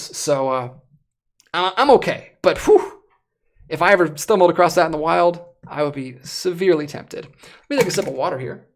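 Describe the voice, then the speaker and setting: A young adult livestream host chatting casually and excitedly, with a voice that is going hoarse. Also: medium pitch. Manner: animated, excitable. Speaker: livestream host reviewing disc collectibles.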